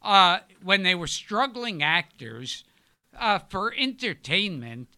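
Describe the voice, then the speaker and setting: An older man, a podcast guest, telling rambling stories in a halting way, with loud bursts of laughter. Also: sits high, very animated. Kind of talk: casual storytelling chat.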